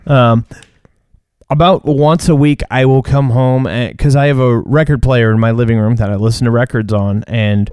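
A man at middle pitch with a smooth, clear voice, recorded dry and close. He tells rambling anecdotes in a casual way. He adds deadpan one-liners. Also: normal speed, dry recording. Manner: deadpan quips. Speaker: co-host. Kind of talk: casual comedic chat.

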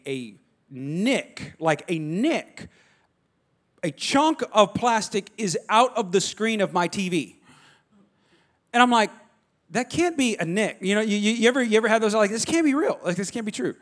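A male pastor, preaching a sermon with animated storytelling and frequent restarts. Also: high-pitched.

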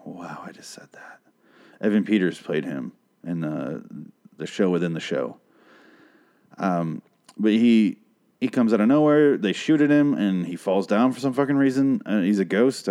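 Low-voiced guy rambling and swearing through a show recap, sarcastic, handheld mic. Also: darkish tone. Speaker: podcast host recapping a TV episode. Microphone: handheld microphone.

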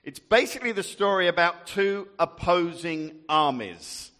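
Jovial, high-voiced man telling a story to a group. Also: lively intonation, unhurried, bright, forceful tone. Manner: jovial, chatty, laughs often. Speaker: storyteller leading a group activity. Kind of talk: interactive Bible storytelling to a group. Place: large hall with a group. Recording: echoey hall.

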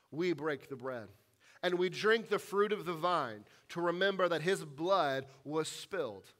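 A man preaching a sermon as a pastor in a church, earnest, slowing down for weight and dropping to a hush on key lines. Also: high-pitched. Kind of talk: sermon and closing prayer. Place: church sanctuary.

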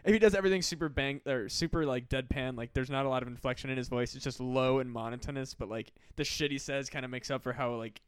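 A man on a casual comedy podcast, telling stories in a profane, animated way. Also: medium pitch, quick pace, few pauses, clean tone, dry recording. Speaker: podcast co-host.

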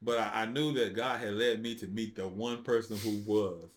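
A man telling his faith testimony as a podcast guest, in casual, informal speech, acting out quotes with big swings in his voice. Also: normal speed. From United States. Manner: animated storyteller, acts out quotes with big jumps in pitch; informal speech with dropped verbs. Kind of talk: casual storytelling conversation.

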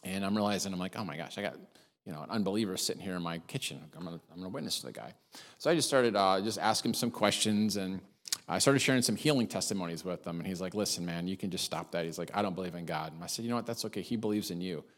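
A male pastor preaching quickly in a lower voice, spinning a personal story with plenty of asides and self-deprecating jokes. His voice rings out with a long hall reverb behind it. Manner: animated, chatty, self-deprecating humor. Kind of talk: sermon with storytelling.

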